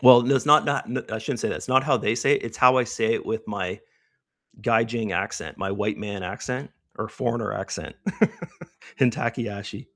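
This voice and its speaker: A chatty middle-aged man talks through his trades on a live stream with a lowish voice. He keeps tossing in "right?" as he goes, and the sound is dry and close. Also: moderate pace, fairly bright tone, no room sound. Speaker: trading stream host. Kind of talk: live trading commentary.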